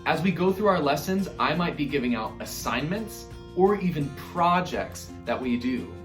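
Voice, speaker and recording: A man's voice: fairly high pitch, expressive, normal speed, roomy sound. A man teaching an online music lesson to children in a playful, encouraging way.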